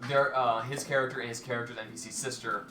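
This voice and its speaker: A man's voice: medium pitch, steady tone, fast talker. A man running a tabletop game as game master, reading rolls and damage aloud with dry teasing. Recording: roomy echo, distant mic, background music.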